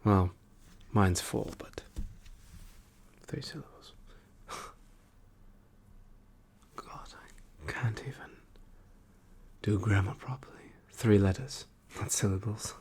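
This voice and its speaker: A man voicing a male trickster god turned weary file clerk, in soft, wry whispered role-play. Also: fairly low pitch, a little slow, slight background noise. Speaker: ASMR performer.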